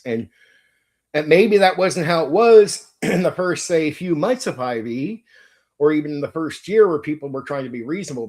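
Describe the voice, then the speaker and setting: Ranting casually to a viewer, a middle-aged tabletop game channel host speaks in a medium-pitched, darkish voice. He's blunt and profane, and he keeps repeating himself.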